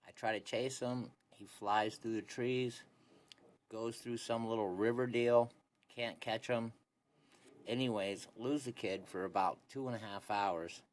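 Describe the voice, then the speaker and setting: Speaking unhurriedly in a fairly low, level voice, a young man tells a drawn-out tale into his phone. He's easygoing and meandering, leaning on phrases like "anyways" and "this and that," with faint hiss audible on the phone recording.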